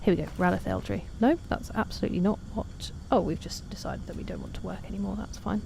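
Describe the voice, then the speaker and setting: A woman's voice: mid-range voice, fast talker, vocal fry, noisy background. A woman chatting casually while streaming a game, reading and answering chat in a self-deprecating way.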